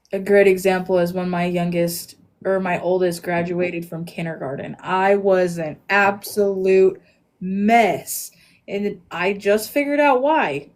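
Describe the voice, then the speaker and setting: Female host, earnest and reflective, conversational delivery. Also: medium pitch. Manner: earnest, reflective, trailing off softly. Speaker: podcast host. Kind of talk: casual chat.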